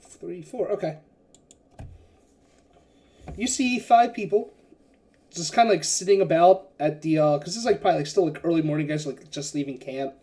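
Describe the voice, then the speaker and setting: A game master narrates a tabletop adventure in a loose, rambling way, full of fillers and restarts. The voice is mellow and dark in tone. The pitch sits in a middle range. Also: normal speed, pauses often. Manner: rambling, filler-heavy, casual.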